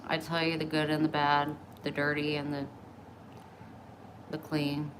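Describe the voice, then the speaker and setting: A woman's voice: deep voice, completely flat delivery, a little slow, noisy background. A middle-aged woman talking bluntly and openly in a casual vlog, oversharing about her personal life. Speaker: vlogger. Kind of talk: candid casual chat.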